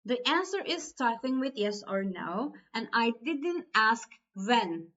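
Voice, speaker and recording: A woman gives a language lesson at an unhurried pace, her voice slightly high. She explains step by step and repeats the important points. The recording sounds dull and lo-fi. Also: big pitch swings, fairly bright tone. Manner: slow, deliberate explaining, repeating key words. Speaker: Turkish language teacher.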